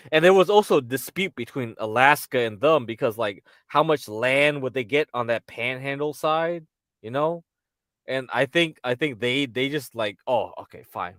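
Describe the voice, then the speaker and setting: A man's voice: medium pitch, fairly bright tone, dry recording. A man ranting loosely in casual chat, rambling and swearing with frequent laughs. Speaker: podcast host.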